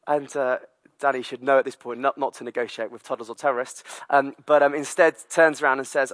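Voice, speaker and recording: Lively British pastor in his thirties. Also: medium pitch, fairly quick, no room sound. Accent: British English. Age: 30s. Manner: storytelling, lively, many fillers. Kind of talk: sermon.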